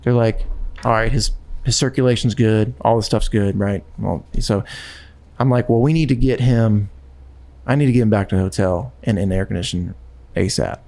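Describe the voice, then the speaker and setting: A man recounts a personal story in relaxed conversation. His delivery is animated, full of stumbles, restarts and repeated phrases as he pushes the story forward. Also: lowish voice, moderate pace. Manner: animated, with frequent restarts and repetitions.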